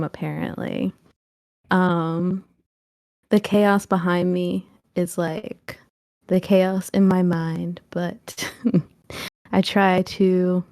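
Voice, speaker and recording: A woman's voice: on the low side, steady tone, slow, a little mellow, no room sound, studio quality. A young woman streamer, a guest on a podcast, talking casually and emotionally while tearing up. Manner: emotional, laughs through tears. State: crying. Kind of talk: casual interview chat.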